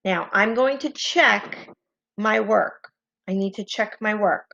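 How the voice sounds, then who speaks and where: A woman leads a phonics lesson at a slow, deliberate pace, patient and encouraging as she spells out each letter. Her voice is fairly high and moves a lot, with a gravelly edge. The recording sounds a little dull and lo-fi. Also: a bit bright. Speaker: teacher. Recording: slightly dull lo-fi home recording.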